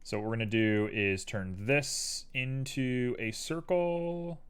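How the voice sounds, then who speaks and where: A man's voice: medium pitch, slow, clean tone. A man casually chatting on a live stream while he works, playful and talking to himself and his chat. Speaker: livestreamer and 3D artist.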